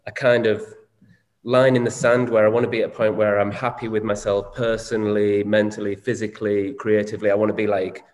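Co-hosting a candid chat, a man in his forties from Northern England turns thoughtful and curses casually. His voice is lowish and a bit mellow, and the room echoes with a long reverb tail.

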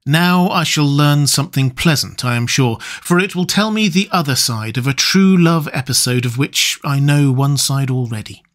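A sorrowful gentleman doctor from a gothic audiobook, read by a male narrator. He talks in a measured, formal and solemn way at an ordinary mid pitch. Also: lively intonation, close to an everyday voice. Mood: earnest. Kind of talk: audiobook character reading.

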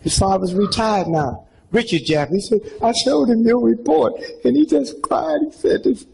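Man in his seventies, stand-up storyteller, rambling folksy asides, high gravelly voice, faint room noise. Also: moderate pace. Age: 70s. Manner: folksy, rambling storytelling with asides like "huh?" and "you know what I'm saying?". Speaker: comedian. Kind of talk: stand-up storytelling to a live audience.

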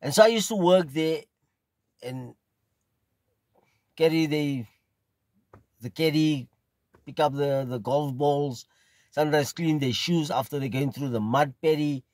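A middle-aged man from South Africa with a South African accent, telling a casual, rambling story at an unhurried pace and often repeating phrases. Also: on the high side, darkish tone, no echo. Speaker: pipe smoking video host.

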